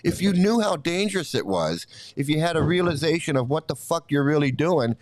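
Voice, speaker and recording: Middle-aged man, a bit high-pitched, delivering a profane, repetitive commentary rant to camera, dry sound. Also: big pitch swings, brisk, no echo. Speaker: YouTube commentator. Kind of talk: angry ranting commentary.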